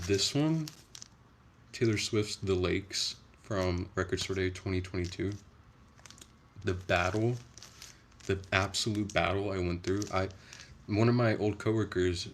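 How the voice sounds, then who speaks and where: A young man hosting a casual livestream, chatting in a soft-spoken, rambling way. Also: low-pitched, creaky, slight background noise. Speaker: livestream host.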